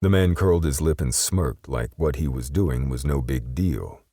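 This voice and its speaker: A man's voice: extremely low pitch, normal speed, warm tone, no room sound, studio quality. A man narrating an audiobook in a dramatic, scripted way.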